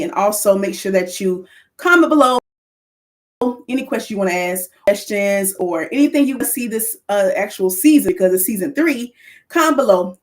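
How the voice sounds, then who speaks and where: Woman podcast host, lively, excited live-stream chat. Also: medium pitch. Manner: lively, excited, calls to the audience. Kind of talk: livestream chat to viewers.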